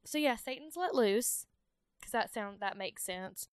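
Joking Southern woman, smooth dry voice. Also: on the high side, lively intonation, unhurried, no room sound. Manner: joking, sarcastic, laughs often. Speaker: podcast co-host. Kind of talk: casual irreverent chat.

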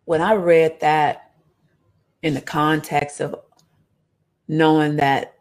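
A woman preaching a sermon, reading scripture aloud with animated, conversational asides to her listeners. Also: low voice, slow pace, long pauses.

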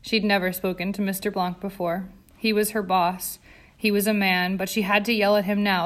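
A woman's voice: medium pitch, flat delivery, normal speed, a bit bright. A woman reading an audiobook aloud, telling the story in a tense, dramatic way. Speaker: audiobook reader. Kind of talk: scripted audiobook narration.

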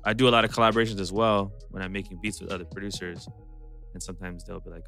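A man with a very deep voice chats casually about producing records. He laughs often and slips into quick impressions of the artists he works with. Faint music plays behind him. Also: flat delivery, bright, forceful tone. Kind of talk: casual podcast chat.

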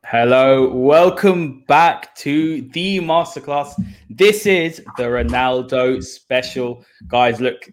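A man's voice: mid-range voice, slow, a little hiss or hum. A man in his twenties hosting a football podcast, talking fervently and emotionally about his idol. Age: 20s. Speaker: podcast host.

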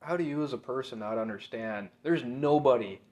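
A man's voice: medium pitch, fairly quick, a little mellow. A young man with a Minnesotan accent, blunt and joking with casual swearing in a podcast chat. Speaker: podcast co-host.

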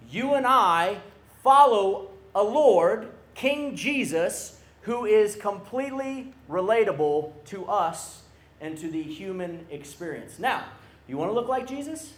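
A man with a high voice preaches slowly and deliberately to a youth camp crowd. He is animated and keeps calling on the audience to answer him. His voice rings out in a roomy hall with audible echo. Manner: animated, calls for crowd responses. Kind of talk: sermon.

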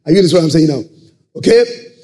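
Brief: male pastor, slightly high, warm tone, sermon with constant "praise the Lord" asides. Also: racing. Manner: peppers talk with "praise the Lord" and checks listeners follow. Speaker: preacher.

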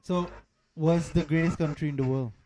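A man's voice: fairly high pitch, steady tone, moderate pace, warm tone, a little hiss or hum. A man hosting a casual podcast, joking around and swearing freely. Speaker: podcast host. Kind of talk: casual chat.

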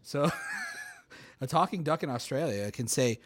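A man's voice: mid-range voice, animated, unhurried. A man in his thirties co-hosting a podcast, reading out odd news stories and swearing casually. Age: 30s. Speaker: podcast co-host. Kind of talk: casual chat.

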